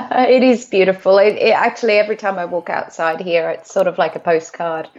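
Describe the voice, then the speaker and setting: Relaxed woman guest on a dull call line. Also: fairly low pitch, a little fast. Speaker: author, guest. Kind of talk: casual interview chat. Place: home in rural Scotland, remote call.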